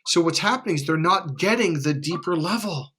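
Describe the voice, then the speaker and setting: A man talking as a dating coach in casual conversation, blunt and animated, swearing freely. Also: on the high side, brisk, slightly rough.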